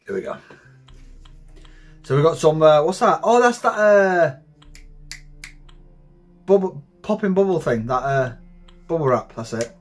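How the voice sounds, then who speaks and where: A man in his thirties hosting a reaction video, talking in an excitable, heavily profane casual way. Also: on the high side, measured pace, pauses often. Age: 30s.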